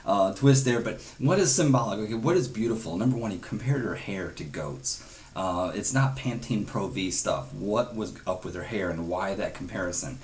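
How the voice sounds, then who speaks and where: A man's voice: on the low side, normal speed. A man leading a devotional Bible study, earnest and conversational, dropping in chuckles and quoted asides.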